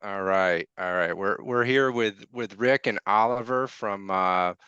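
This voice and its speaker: A man's voice: fairly low pitch, unhurried, pushed and bright, smooth, no echo. A man hosting a podcast, talking in a loose, casual way with many fillers. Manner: loose, hesitant, many fillers and restarts, laughs easily. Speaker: podcast host. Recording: dry, slightly dull sound.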